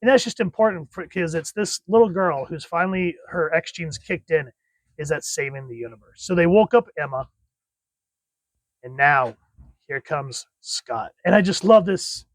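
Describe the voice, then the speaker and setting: An excited man talks casually through a comic book review. His voice sits slightly high, and the sound is dry and close. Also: normal speed, dry recording. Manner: enthusiastic, chatty.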